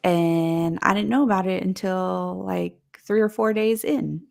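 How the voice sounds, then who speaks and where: A woman's voice: fairly low pitch, steady tone, a little slow, gravelly. A woman co-hosting a podcast, laid-back in casual chat and laughing often. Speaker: podcast co-host.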